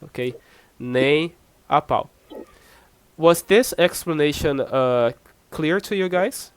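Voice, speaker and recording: A man's voice: on the high side, smooth, dry recording. A Brazilian man, a native Portuguese speaker, teaching Portuguese phrases in English, patient and repetitive, checking understanding with "okay?". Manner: patient, repeats phrases often with "okay?" and slow drilled examples. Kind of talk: online language lesson.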